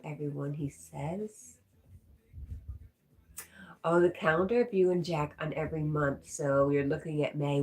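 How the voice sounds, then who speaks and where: A woman's voice: low-pitched, darkish tone. A woman hosting a casual livestream, chatting and reading viewer comments aloud, a little stuffy. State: stuffy, congested. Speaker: livestream host reading chat.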